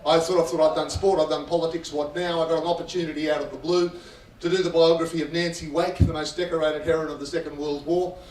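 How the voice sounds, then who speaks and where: Brief: Australian man, guest speaker at a fundraiser, theatrical storyteller. Fairly high voice, heard from a distance in a roomy hall. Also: flat delivery, fast talker, a little mellow. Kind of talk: after-dinner storytelling speech. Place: function room at a fundraiser. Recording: roomy hall, distant mic, faint ambience.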